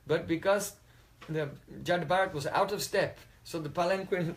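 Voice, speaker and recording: A man's voice: fairly high pitch, moderate pace, hardly any pauses. A man telling a religious story in a talk, often checking in with his listeners. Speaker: spiritual teacher.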